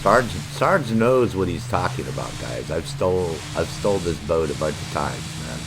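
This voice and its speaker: A man's voice: low voice, lively intonation, normal speed, noisy background. A middle-aged man streaming a video game, joking and swearing as he banters with his chat. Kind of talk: live gameplay commentary.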